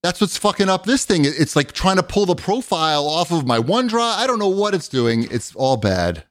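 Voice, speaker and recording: Rambling man with a lively voice. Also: sits high, fairly quick, dry recording, clean studio sound. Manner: rambling, profane storytelling with many fillers. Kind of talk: casual chat.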